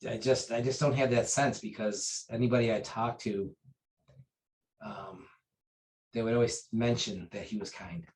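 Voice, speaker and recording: A man's voice: fairly even intonation, normal speed, a little mellow, low-quality recording. A man, a martial arts instructor, telling a personal story in a casual interview. He rambles, with fillers and restarts. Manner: acts out quoted dialogue with raised pitch and volume.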